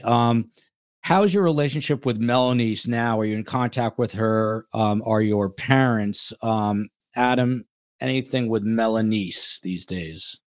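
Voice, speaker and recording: A man's voice: lowish voice, no echo. A man with a New Jersey accent hosting a podcast, reading viewer questions aloud with lots of fillers. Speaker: podcast host.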